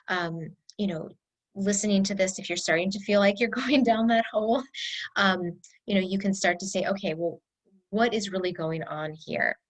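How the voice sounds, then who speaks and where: A woman speaks at a medium pitch in a relaxed talking-head video. She is an herbalist sharing a personal story, chatty and a little halting, often restarting her sentences. Her voice is close to the mic. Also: poor audio. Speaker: herbalist teacher.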